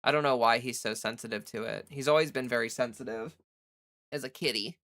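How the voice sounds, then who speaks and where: A woman's voice: very deep voice, brisk, a bit bright. A woman hosting a casual livestream from home, chatting loosely with many "like" fillers and answering viewers' chat. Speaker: livestream host.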